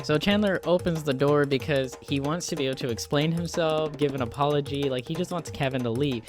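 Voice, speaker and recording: A man casually summarizing a horror novel, with chatty fillers and acted-out quotes. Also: medium pitch. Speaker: book reviewer.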